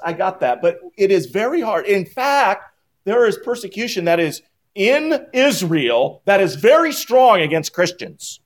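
A man preaching a sermon to his congregation, emphatic and rising in pitch when he quotes scripture and blessings. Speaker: pastor. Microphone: PowerPoint on screen, speaking at a church lectern.

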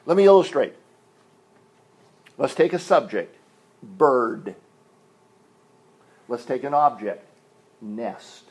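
A man's voice: mid-range voice, darkish tone, breathy edge. An older man preaching a sermon, explaining things step by step like a teacher and leaning on single words for emphasis. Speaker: pastor.

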